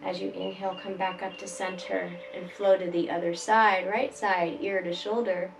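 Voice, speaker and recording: A woman leading a chair yoga class, giving calm, gentle step-by-step cues for breathing and stretching. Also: medium pitch, moderate pace, vocal fry, background noise. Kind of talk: guided exercise instruction. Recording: voice from a distance, faint background music.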